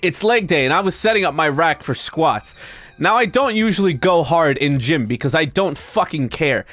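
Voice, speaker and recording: A male streamer reading an internet story aloud to his chat, breaking off into high, disbelieving comments. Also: normal speed, no room sound, faint music behind. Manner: animated, breaks into high-pitched disbelieving asides.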